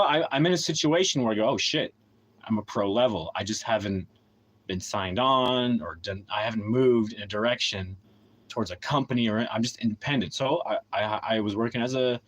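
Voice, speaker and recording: A man's voice: lowish voice, rough recording. A man talking to camera on a livestream, ranting bluntly and swearing a lot, then settling into a more casual monologue about his work as a writer. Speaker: independent writer and streamer. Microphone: camera mic.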